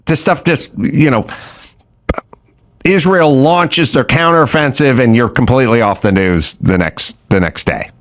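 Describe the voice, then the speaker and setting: A man's voice: medium pitch, a little slow, a little hiss or hum. A middle-aged man hosting a podcast in casual chat, rambling and exasperated as he tells stories. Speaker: podcast host.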